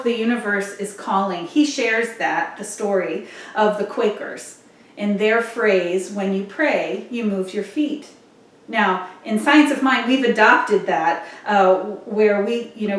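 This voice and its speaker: A woman minister giving a sermon in an earnest, measured way, asking rhetorical questions. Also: mid-range voice. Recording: very echoey, from a distant mic.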